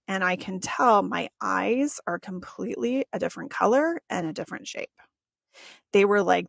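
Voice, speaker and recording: A woman's voice: mid-range voice, gravelly, no echo. A woman hosting a podcast, telling a personal story in a chatty way, often laughing and acting out what people said. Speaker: podcast host.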